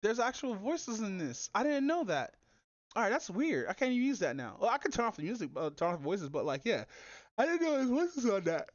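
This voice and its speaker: A woman's voice: mid-range voice, very animated, fairly quick, no room sound. A woman streaming live, mocking a clip in casual, slangy commentary. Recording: dull, dry lo-fi mic.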